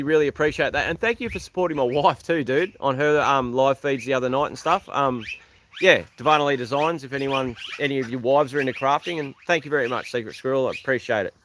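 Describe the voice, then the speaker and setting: Rambling Australian man livestreaming outdoors. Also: fairly high pitch. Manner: rambling, relaxed, thanks viewers by name. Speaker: livestream host. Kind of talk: casual livestream chat. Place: outdoors beside an old truck.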